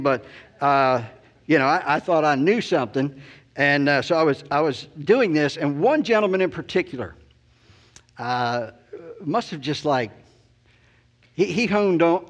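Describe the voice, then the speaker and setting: A middle-aged man preaching by telling a story about himself, rambling and self-deprecating, with many "you know"s. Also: fairly high pitch. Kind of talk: storytelling sermon.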